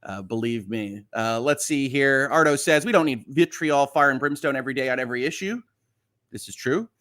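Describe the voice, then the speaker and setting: Here a middle-aged man hosts a casual livestream, chatting with viewers and reassuring them as he reads their comments, laughing often. His mid-range voice has a fairly bright tone and a slightly quick pace.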